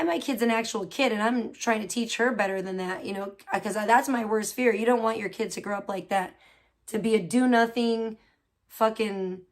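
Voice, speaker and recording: A woman hosting a livestream and chatting casually with viewers, outspoken and blunt, with a child of her own. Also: mid-range voice. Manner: outspoken, swears freely, reacts with loud disgust; chatty, full of fillers and questions to chat. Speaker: livestream host; parent of a young child. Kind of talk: casual chat reacting to viewers' messages.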